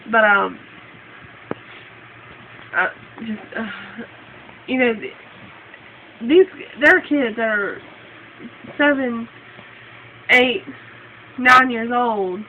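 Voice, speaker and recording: A woman's voice: medium pitch, slow, pauses often. A young adult woman in a casual vlog rant, blunt and outspoken, rambling with fillers as she swears freely. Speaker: vlogger. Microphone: phone. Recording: tinny phone-like audio, faint hiss.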